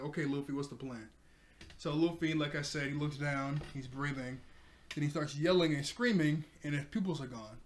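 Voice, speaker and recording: A man's voice: fairly high pitch, a little hiss or hum. A man casually recapping an anime episode for his review channel, chatty and rambling, laughing often.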